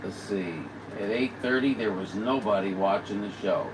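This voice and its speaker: A man's voice: fairly low pitch, normal speed, recorded from a distance, noisy background. A man hosting a CB radio livestream, rambling and grumbling in folksy casual chat.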